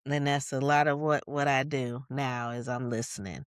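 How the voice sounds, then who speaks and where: A podcast co-host from Michigan tells a personal story in a thoughtful way, pausing on fillers and then rushing ahead. The voice sits in a middle pitch. The recording is close and dry. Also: fairly even intonation, clean tone, no echo. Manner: thoughtful, lots of fillers, quick narration bursts. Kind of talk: reflective storytelling in casual podcast chat.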